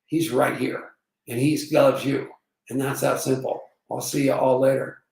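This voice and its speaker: A man in his sixties telling a story in an energetic, emphatic motivational monologue. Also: mid-range voice, moderate pace, vocal fry. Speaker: network marketing vlogger. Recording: roomy, slightly distant mic.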